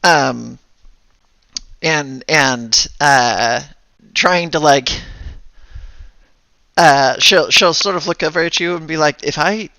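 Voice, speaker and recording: A man narrating a tabletop game as game master, halting and thinking aloud as he goes. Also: fairly high pitch, gravelly, bright, forceful tone, no echo.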